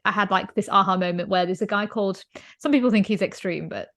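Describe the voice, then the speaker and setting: A woman with a mid-pitched voice hosts a podcast. She tells stories in a casual, chatty way, and her phrasing is full of fillers and restarts. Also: quick pace, fairly bright tone. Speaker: podcast host. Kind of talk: casual conversational storytelling.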